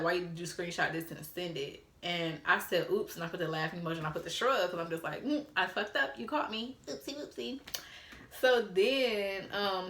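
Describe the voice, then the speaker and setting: A woman in her twenties telling a story to camera, animated and profane, laughing as she acts out old text messages. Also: lowish voice, echoey room. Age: 20s. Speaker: storytime vlogger.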